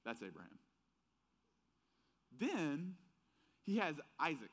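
A man with a faint Southern accent preaching a casual, conversational sermon, telling stories in an animated way with many fillers. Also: medium pitch, a little slow.

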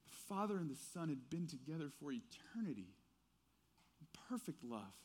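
A man preaching a sermon, swinging from hushed, intimate lines to loud, urgent ones. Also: a little high, big pitch swings, moderate pace. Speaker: pastor.

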